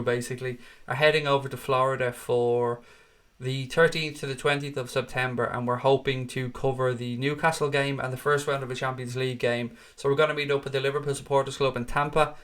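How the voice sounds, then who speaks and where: A man's voice: medium pitch, fairly bright tone. A Dublin Irish man in his late thirties hosting a live football watchalong, chatting casually with viewers, swearing freely and calling them mate. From Ireland. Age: 30s. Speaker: watchalong host. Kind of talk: casual live stream chat reading comments.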